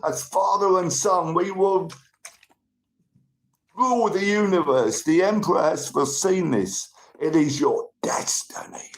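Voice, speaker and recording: A man doing an impression of a menacing male space villain, delivering slow, commanding pronouncements. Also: sits high, pitched above the performer's own voice. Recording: roomy room with faint noise.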